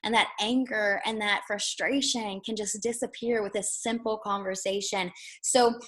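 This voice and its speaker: A woman's voice: mid-range voice, fairly even intonation, normal speed, fairly bright tone. A young woman hosting an online workshop, talking casually and retelling stories in quoted voices. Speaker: workshop host. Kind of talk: casual teaching talk. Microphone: video call.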